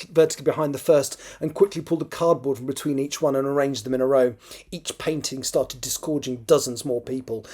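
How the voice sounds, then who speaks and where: Husky, mellow-voiced male author reading aloud. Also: medium pitch. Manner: steady storytelling read with occasional self-corrections. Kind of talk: reading his own novel draft aloud.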